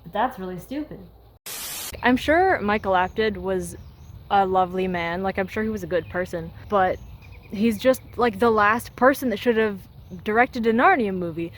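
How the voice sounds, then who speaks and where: A woman's voice: mid-range voice, moderate pace, slight background noise, low-quality recording. Exasperated young woman ranting sarcastically. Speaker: video essayist. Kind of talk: casual critical commentary.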